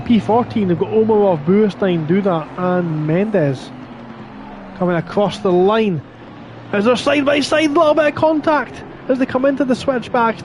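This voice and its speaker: A man with a fairly high voice calls a sim race live. He is chatty and breaks off to answer viewer chat between the action. A faint noise sits under the recording. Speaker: sim racing commentator.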